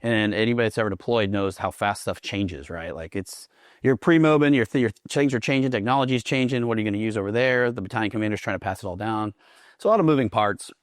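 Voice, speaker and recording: A Marine veteran appears as a guest in a casual interview, speaking fast in a fairly low voice. The recording has studio quality with no room sound, and he tells profane stories while laughing through them.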